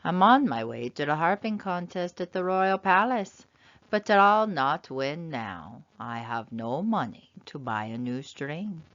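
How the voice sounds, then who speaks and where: Woman doing a gentle old harper man. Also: sits low, very animated, a little slow, exaggerated voice. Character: kindly poor old male harper. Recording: slightly dull lo-fi sound.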